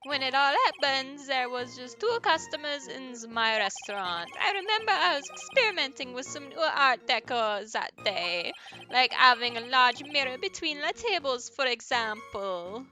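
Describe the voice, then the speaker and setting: A woman putting on a French accent to voice a flamboyant male French restaurant owner and chef, theatrical and drawn-out, sprinkled with French words. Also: sits high, animated, sharp tone, soft background music, pitched above the performer's own voice. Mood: chatty. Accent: put-on French.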